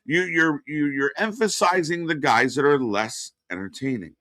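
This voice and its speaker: A man's voice: fairly high pitch, animated, moderate pace, bright, forceful tone, dry recording, studio quality. A man co-hosting a live wrestling watch-party stream, giving blunt, opinionated takes and swearing freely. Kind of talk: casual live-stream chat.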